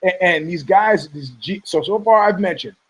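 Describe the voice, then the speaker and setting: A man's voice: sits high, expressive, moderate pace, breathy edge, low-quality recording. A male podcast host giving rambling, combative commentary, profane and heated, often stumbling over restarts.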